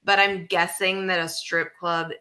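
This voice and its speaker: A woman co-hosting a comedy podcast, chatting casually in an animated, teasing way. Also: on the low side, measured pace. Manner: animated, teasing, talks through her feelings. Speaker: podcast co-host.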